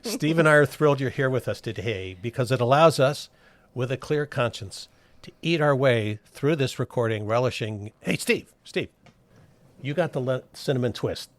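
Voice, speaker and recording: A man's voice: mid-range voice, moderate pace, dry recording. A man hosting a local podcast, reading a scripted intro and sponsor spot with dry humor before interviewing his guest. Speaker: podcast host.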